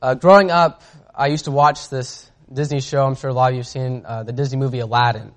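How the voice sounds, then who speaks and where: A man preaching a sermon in a casual, conversational way, reading scripture aloud and often pausing on fillers. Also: mid-range voice, steady tone.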